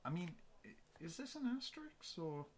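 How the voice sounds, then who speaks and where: A man's voice: sits high, very animated, moderate pace, slight background noise, pitched above the performer's own voice. A man voicing a defiant young woman prisoner, fierce and urgent.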